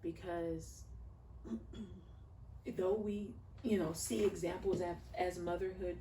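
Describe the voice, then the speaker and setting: A woman in her thirties talks earnestly about faith and raising children, rising and swelling as she speaks. Her voice sits fairly low and sounds a little distant from the mic. The room is echoey, with faint noise in the background. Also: steady tone, slow, dark tone. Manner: earnest, heartfelt, preacher-like storytelling. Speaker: podcast guest. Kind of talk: casual conversational interview.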